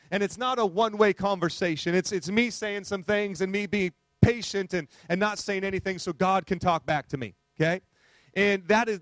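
A man with a high voice preaches a lively, conversational sermon, checking in with his listeners through frequent rhetorical questions. His voice is picked up close, with a dry sound and almost no room echo. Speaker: pastor.

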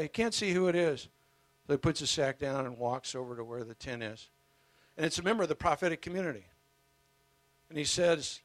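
A man preaching a sermon, telling a story with passion and emphatic swings in loudness. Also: mid-range voice, a little fast, dry recording.

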